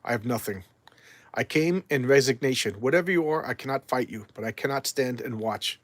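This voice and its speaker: A man's voice: mid-range voice, expressive, a little fast, fairly bright tone, no room sound, close to an everyday voice. A man voicing a sorrowful male swamp plant creature, reading in a subdued, grave way.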